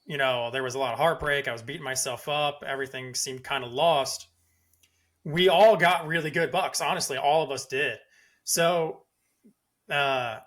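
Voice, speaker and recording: A man hosting a podcast, retelling a hunt in an excited, casual way full of "like"s. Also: fairly high pitch. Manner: excited, lively retelling with many "like"s. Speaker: podcast host. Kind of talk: casual storytelling.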